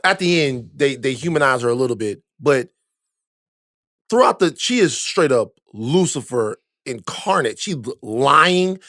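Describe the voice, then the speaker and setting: A man's voice: medium pitch, lively intonation, unhurried, pushed and bright, no room sound, studio quality. A man chatting as a guest on a movie podcast, emphatic and often restarting his words. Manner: emphatic, stumbles and repeats words. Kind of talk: casual movie podcast chat.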